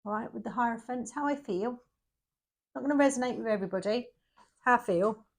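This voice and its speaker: Woman, middle-aged, tarot reader, chatty, emphatic, slightly high voice. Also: a little fast, vocal fry. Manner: chatty, emphatic and repetitive, with bursts of energy. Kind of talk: casual pick-a-card tarot reading.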